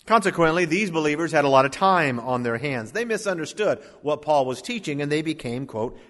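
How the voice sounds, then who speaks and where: A man's voice: a little high, expressive, brisk, few pauses. Emphatic male pastor preaching in a hall. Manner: emphatic preaching with dramatic swings in loudness. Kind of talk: sermon.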